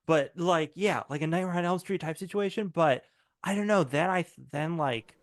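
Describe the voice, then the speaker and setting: A man voicing an excitable young boy who rambles and stumbles over fillers in a tabletop game. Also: on the high side, moderate pace, dry recording, studio quality, lightly acted. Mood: excited. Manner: breathless, stumbling, full of fillers.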